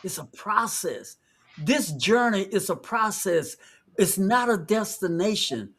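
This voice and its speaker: A man's voice: high voice, expressive, takes it slowly, fairly bright tone, slightly rough. A man hosting a casual motivational faith talk, reflective and affirming. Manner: reflective, affirming, often laughing along.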